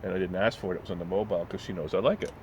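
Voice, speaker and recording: A man's voice: low-pitched, steady tone, rapid-fire, a little mellow, slight background noise. A man telling a blunt, profane story in a casual rant, sometimes mocking other people's voices, recorded on a phone outdoors in town. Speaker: vlogger.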